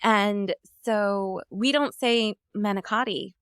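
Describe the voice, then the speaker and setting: A woman's voice: mid-range voice, slow, a bit bright, clear, resonant tone, dry recording, clean studio sound. A woman from New Jersey chatting casually as podcast host, telling stories with animation and acting out the lines she quotes.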